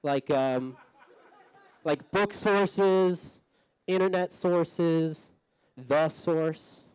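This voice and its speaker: A man emceeing a comedy show, joking loosely and deadpan with lots of filler words. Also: fairly high pitch, very slow, smooth, poor audio. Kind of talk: stand-up emcee banter.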